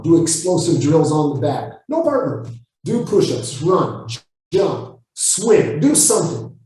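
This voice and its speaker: A man with an Israeli accent answering interview questions, blunt and forceful, swearing freely. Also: on the high side. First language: Hebrew. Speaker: Krav Maga instructor, guest. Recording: echoey room, far from the mic.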